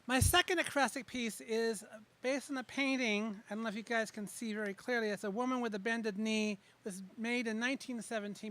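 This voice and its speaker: A man reading his own poems at an open mic. He introduces each piece in a chatty way, then reads slowly and with emphasis. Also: high-pitched, a bit bright. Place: open mic venue, live before a small audience.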